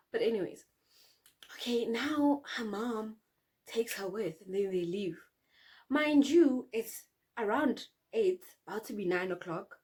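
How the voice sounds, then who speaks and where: A young South African woman telling a dramatic personal story for her vlog, lively and dropping to whispers at the tense parts. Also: a little high, breathy edge. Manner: animated, dramatic, drops to whispers for suspense. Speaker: YouTuber.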